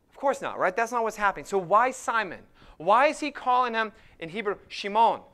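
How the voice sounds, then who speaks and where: Smooth-voiced man preaching a sermon. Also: high voice, expressive, fairly bright tone. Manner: preaching with emphatic, slowed scripture quotes. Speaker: pastor.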